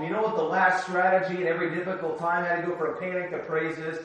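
Male preacher, sermon, bright ringing voice, far from the mic, echoey hall, soft asides and shouted exclamations. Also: sits high, flat delivery, quick pace, few pauses, muffled recording.

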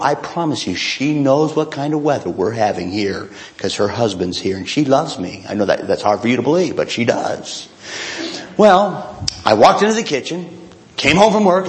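A man telling a long humorous story to a live audience, speaking to the crowd directly and acting out little voices along the way. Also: medium pitch. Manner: chatty and self-mocking, addresses the crowd directly, acts out voices.

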